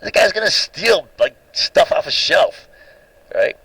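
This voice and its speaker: A man's voice: high voice, animated, unhurried, fairly bright tone, slightly rough, no echo, poor audio. A man telling a long personal story in an agitated, suspicious way, rambling and tagging "right?" onto his sentences. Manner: rambling, keeps asking "right?". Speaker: lecturer.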